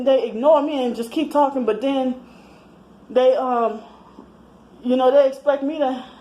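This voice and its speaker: A woman's voice: fairly high pitch, a little mellow, rough recording. A woman in her thirties talking in a rambling personal monologue, slightly out of breath, with many restarts and fillers. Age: 30s. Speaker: vlogger.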